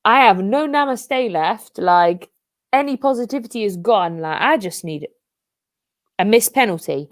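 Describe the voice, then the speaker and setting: A woman's voice: mid-range voice, animated, measured pace, dry recording, clean studio sound. A young woman co-hosting a football watch-along, ranting and swearing at the match. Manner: swearing, explosive outbursts at the match. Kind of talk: live watch-along chat.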